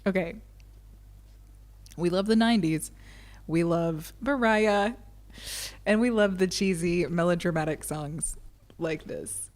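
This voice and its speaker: A woman teaching ukulele who sings along to her own playing and chats casually, with frequent giggles. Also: mid-range voice. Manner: giggly, chatty. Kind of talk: singing along with ukulele, then casual chat.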